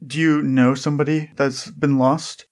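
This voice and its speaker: A man's voice: a little high, little pitch movement, moderate pace, a little mellow, lightly acted. A man voicing a friendly, chatty half-elf college girl at a magic academy.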